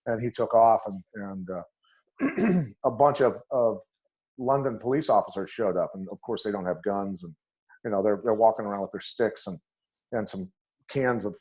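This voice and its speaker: A man's voice: on the low side, normal speed. A middle-aged man, a former fight coach, telling anecdotes bluntly and with animation as a podcast guest. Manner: blunt and animated, acts out voices in his anecdotes. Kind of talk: storytelling on a podcast interview.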